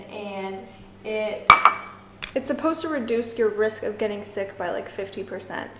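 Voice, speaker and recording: This young woman vlogs casually from inside a house in Bali, feeling hot and sweaty as she talks about her day in a chatty, upbeat way full of "like". Her voice sits in the mid range. The recording is very noisy, with an echoey room and faint ambience.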